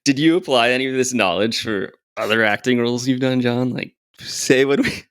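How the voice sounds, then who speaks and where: A man's voice: mid-range voice, normal speed, a bit bright, clear, resonant tone. A young man co-hosting a comedy podcast, given to whiny, flustered outbursts. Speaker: podcast co-host.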